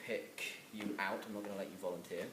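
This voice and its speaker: A man's voice: sits low, steady tone, fast talker. A man presenting to a class and then giving the group directions for a reading exercise. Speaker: student workshop leader. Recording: noisy, roomy recording from far off.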